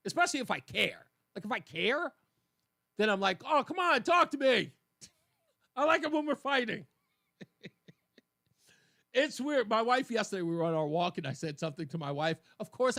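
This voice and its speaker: A man's voice: sits high, no room sound, studio quality. A man hosting a talk radio show, telling stories casually and laughing often. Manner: laughs often, animated storytelling. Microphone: studio microphone.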